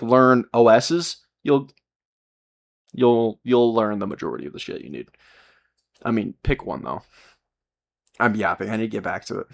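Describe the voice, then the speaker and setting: Guy streaming live, rambly and sweary, keeps restarting sentences, ordinary pitch. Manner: rambling, profane motivational rant with many restarts. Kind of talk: casual live-stream talk.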